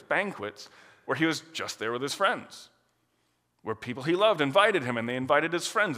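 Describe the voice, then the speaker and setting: Lively conversational preacher in a hall. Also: male voice, on the high side. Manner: lively, conversational, laughs often. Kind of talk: sermon.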